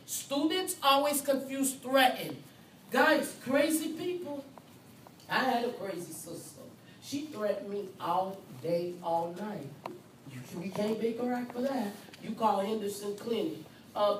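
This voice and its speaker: A woman's voice: mid-range voice, a little slow, a little hiss or hum. A woman nursing instructor lecturing a class, speaking emphatically and repeating key points while acting as the patient in the first person. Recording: roomy, far from mic, faint ambience.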